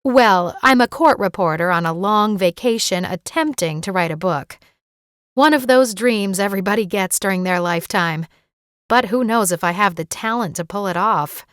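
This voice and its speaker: A woman's voice: mid-range voice, moderate pace, fairly bright tone, smooth, no room sound, studio quality, close to an everyday voice. A woman voicing a polite, guarded young woman heroine in an audiobook.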